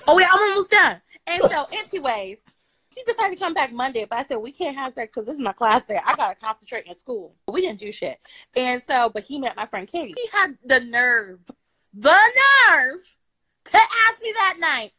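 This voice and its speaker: Brash, bright-voiced woman telling a story. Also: high voice, big pitch swings, moderate pace, dry recording, poor audio. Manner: brash, profane, laughing, breaks into song. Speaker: guest storyteller. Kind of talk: casual storytelling on a live stream. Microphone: phone on a live video stream.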